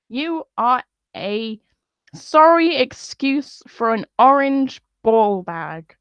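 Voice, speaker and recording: A woman's voice: on the high side, lively intonation, extremely slow, clear, resonant tone, no room sound. A woman venting in a profane, scornful live-stream rant. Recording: dull lo-fi dry sound.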